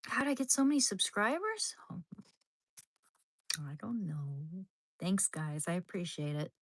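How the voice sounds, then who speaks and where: A woman's voice: on the low side, lively intonation, a little slow, no echo. A woman live-streaming from her kitchen at home. She chats casually and rambles with her viewers, often trailing off and restarting, and coos to her dog in baby talk. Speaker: livestreamer chatting with viewers.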